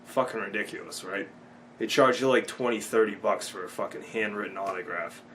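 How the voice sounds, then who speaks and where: A man in his early twenties recaps his day in a loose, rambling vlog, full of ums, restarts and casual swearing. His voice sits fairly low, and a faint ambient noise hangs behind it. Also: brisk, a bit bright. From Boston. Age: 20s. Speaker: vlogger.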